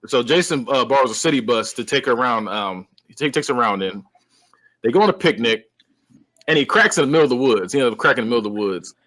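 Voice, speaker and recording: A man co-hosting a podcast, casually recapping a film and retelling its scenes with lively, frequent laughter. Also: mid-range voice, fast talker. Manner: animated storyteller who acts out characters; laughs often. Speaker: podcast co-host. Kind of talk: casual movie-recap chat.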